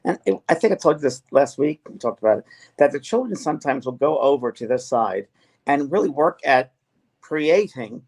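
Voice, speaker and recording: A man's voice: on the high side, animated, moderate pace, a little mellow, breathy edge. A middle-aged man, a spiritual medium co-hosting a casual chat, speaking earnestly and with feeling, often voicing what spirits tell him. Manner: earnest, emotional, quotes spirits in their own words.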